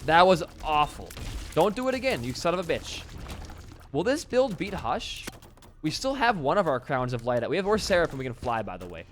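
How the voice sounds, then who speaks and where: Lively, excitable man commentating a game. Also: fairly high pitch, normal speed. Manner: excitable, swears freely, talks at the game. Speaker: gaming channel host. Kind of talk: live gameplay commentary.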